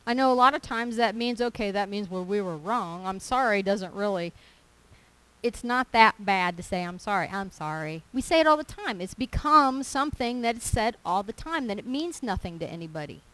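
A woman preaching a sermon, earnest and emphatic, slowing down to stress scripture. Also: fairly high pitch, lively intonation, fairly bright tone, no echo, rough recording.

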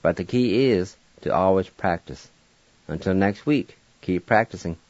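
Man slowly spelling words out for learners, low-ish voice, dry muffled radio sound. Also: noisy background. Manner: patient, encouraging, spells letter by letter. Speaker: language teacher on a radio show. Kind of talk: slow spelled-out word lesson.

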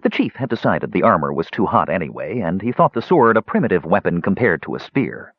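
A man reading a fantasy audiobook aloud in an expressive narration. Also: low-pitched, a little fast, slightly rough, no echo. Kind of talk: scripted narration. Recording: dull lo-fi dry recording.

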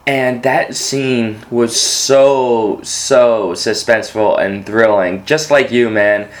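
A man's voice: medium pitch, slow pace. Man animatedly retelling a film scene. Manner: animated retelling, full of restarts. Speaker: podcast co-host. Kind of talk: casual movie discussion.

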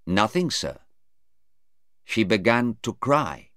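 A man's voice: fairly low pitch, sing-song, slow, fairly bright tone, no room sound, clean studio sound, pitched above the performer's own voice, heavily acted. A man reading aloud voices a hesitant male airport policeman answering in court. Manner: hesitant, deferential. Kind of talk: read-aloud storybook dialogue.

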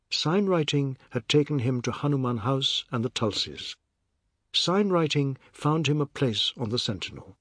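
A man reading a novel aloud in a measured, descriptive audiobook narration. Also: mid-range voice, breathy edge, no echo, clean studio sound.

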